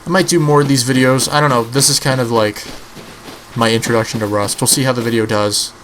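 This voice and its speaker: A man's voice: mid-range voice, steady tone, a little fast, fairly bright tone, slight background noise, poor audio. Young man in rambling game commentary. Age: early 20s. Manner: rambling, profane, offhand. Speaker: gaming channel host. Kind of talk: casual gameplay commentary.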